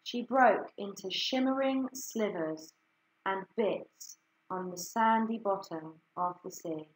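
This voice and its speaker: A woman reading a children's picture book aloud, slow and expressive. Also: medium pitch. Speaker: story reader. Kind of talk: children's story read-aloud. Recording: echoey room.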